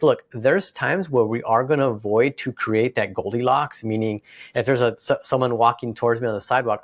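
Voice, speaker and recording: Gravelly guy on a dog podcast, bit congested, acting out owners n dogs, dry close sound. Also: mid-range voice, no room sound. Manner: storytelling, acts out dogs and owners. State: slightly congested. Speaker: podcast co-host, dog trainer. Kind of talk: casual podcast chat.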